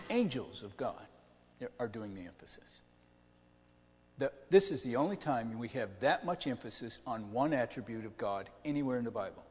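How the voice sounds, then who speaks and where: A man preaching a conversational sermon, asking his listeners questions as he goes. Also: medium pitch. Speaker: pastor. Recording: long hall reverb.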